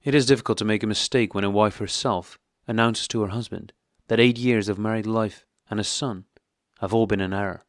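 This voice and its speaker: A man reading the part of a cold, formal, wounded husband in an audiobook, in a measured tone. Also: on the low side, steady tone, no echo, clean studio sound, lightly acted. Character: cold, stiff, wounded middle-aged husband.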